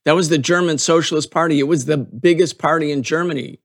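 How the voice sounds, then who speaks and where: A man's voice: a little high, fast. A man hosting a podcast, explaining political history earnestly and building emphasis through repeated phrases. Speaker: podcast host.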